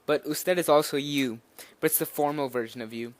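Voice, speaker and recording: A man's voice: fairly high pitch, a little fast, dry recording. A nervous young man giving an informal spoken language lesson, rambling a little with fillers and restarts as he explains. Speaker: language teacher.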